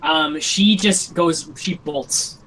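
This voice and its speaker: A man's voice: on the high side, slow, fairly bright tone, a little hiss or hum, rough recording. A young man narrating a tabletop game as game master on a voice call, rambling with lots of ums and likes.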